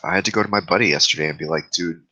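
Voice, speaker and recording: Rapid-fire and pushed, a man with a low, husky, bright voice hosts his own vlog, confessing his fears candidly and at length. He self-records through his camera's mic, and the audio quality is poor.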